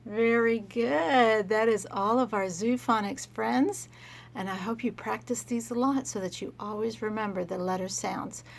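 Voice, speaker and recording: Slow, gentle woman teaching phonics. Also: fairly high pitch, vocal fry, slight background noise. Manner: slow, gentle, sounding out letters for children. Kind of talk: children's phonics lesson.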